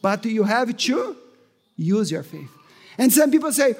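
High-voiced pastor preaching fervently, hall reverb. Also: male voice, animated, normal speed. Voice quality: non-native English, slightly broken grammar. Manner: fervent preaching, often shouting and laughing. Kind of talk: sermon. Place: church hall.

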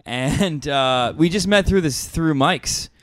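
A man's voice: fairly high pitch, slow, dry recording, clean studio sound. A man co-hosting a comedy podcast, telling stories with frequent laughs in casual chat. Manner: laughing, storytelling. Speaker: podcast co-host, comedy show producer.

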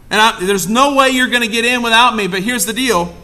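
A pastor preaching a sermon, full of emphatic rhetorical questions. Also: male voice, very high-pitched, a little fast, sharp tone.

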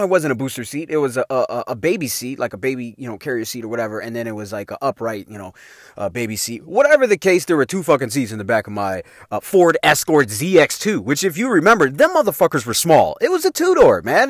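A man's voice: medium pitch, dry recording, studio quality. A middle-aged man hosting his own show, telling a personal story in casual, profane slang. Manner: profane, animated, slangy street talk. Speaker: podcast host telling a story.

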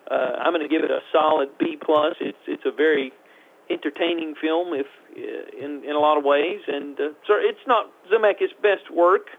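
Guy calling in on a thin phone line, higher voice, reviewing a movie, kinda halting. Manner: halting, repeats words. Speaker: radio film reviewer. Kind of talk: casual film review chat.

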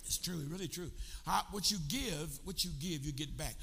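A man's voice: on the high side, moderate pace, gravelly, few pauses, bright, forceful tone, husky. An older man preaching a sermon, urging his congregation to answer him back. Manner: preaching with call-and-response to the congregation. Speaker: pastor. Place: church sanctuary. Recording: long church hall reverb.

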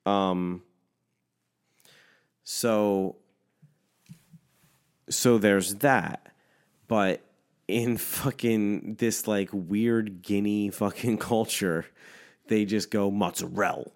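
A man's voice: on the low side, fairly even intonation, extremely slow, pauses often, clear, resonant tone. A man telling a story in casual talk, ranting and swearing constantly with lots of "like" fillers. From Philadelphia area. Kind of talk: casual profane storytelling rant.

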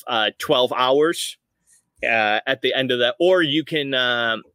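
A man's voice: medium pitch, sharp tone, smooth, no room sound. A man narrating as game master of a tabletop game, rambling with many fillers.

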